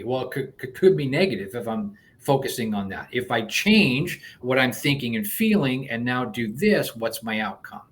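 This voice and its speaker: A man being interviewed as a coach, explaining a technique step by step in an animated way, with frequent restarts. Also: mid-range voice, normal speed, few pauses. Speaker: guest coach. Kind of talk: conversational interview.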